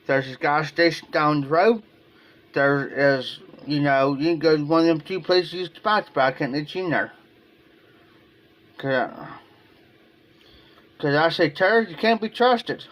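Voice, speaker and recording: Unhurried and prone to long pauses, a man from Ohio speaks on the high side with a bit of brightness during his livestream. He rambles casually and emotionally, often saying the same things again.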